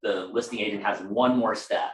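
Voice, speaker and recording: A man's voice: on the low side, fairly even intonation, normal speed, roomy sound, rough recording. A man running a casual real estate training session for a small group, talking conversationally with fillers and asides.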